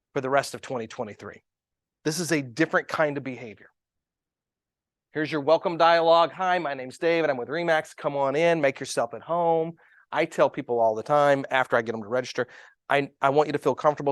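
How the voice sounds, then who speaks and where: Male real estate coach, slightly high voice, dry close sound, animated storyteller. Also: no echo. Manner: animated, storytelling, acts out quoted dialogue. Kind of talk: coaching seminar talk.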